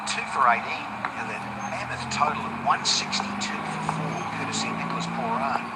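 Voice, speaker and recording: A man doing live cricket commentary, lifting sharply into excitement on big shots. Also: mid-range voice, fairly quick, very noisy.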